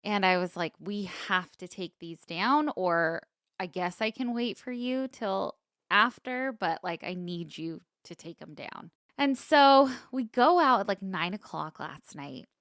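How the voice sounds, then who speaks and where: A young woman co-hosting a podcast, telling stories in a lively, casual way, swearing freely and acting out the scenes. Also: mid-range voice, measured pace, no echo, clean studio sound. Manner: animated storyteller, swears freely, acts out scenes. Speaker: podcast co-host. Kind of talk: casual chat.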